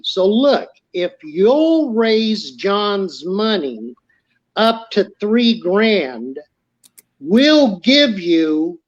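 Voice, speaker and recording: Man, high voice, lively storyteller, slightly dull lo-fi sound. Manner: animated storyteller acting out quoted dialogue. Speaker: podcast guest. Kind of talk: casual storytelling.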